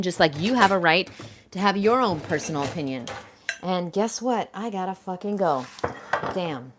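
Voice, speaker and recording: Woman on a livestream going off at a commenter, heated and blunt, swears a lot, mid-pitch voice. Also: fairly bright tone, a little hiss or hum. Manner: reads out and answers viewer comments. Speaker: livestream host. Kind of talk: casual livestream rant.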